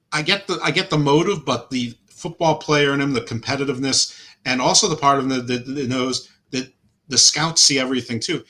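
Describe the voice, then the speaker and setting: With a fairly high, bright voice and a forceful tone, this middle-aged sports podcast co-host offers casual, opinionated talk. His speech rambles, full of fillers and restarts.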